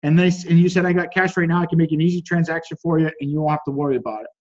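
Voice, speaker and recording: On dull-sounding audio, a very fast-speaking man teaches casually over a group call. He reads out chat messages, picks them apart, and performs the quoted dialogue with animated pitch leaps.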